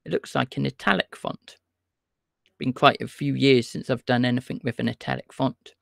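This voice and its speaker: A man's voice: medium pitch, fairly even intonation, moderate pace, vocal fry, a bit bright, no room sound, studio quality. A man hosting a livestream, chatting casually and greeting his viewers by name. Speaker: livestream host calling scammers.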